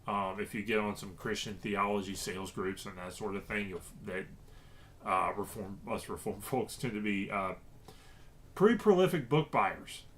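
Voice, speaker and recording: A man's voice: lowish voice, normal speed, a bit bright. A man from Louisiana chatting casually to camera about reselling, rambling with many fillers and restarts. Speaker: reseller vlogger.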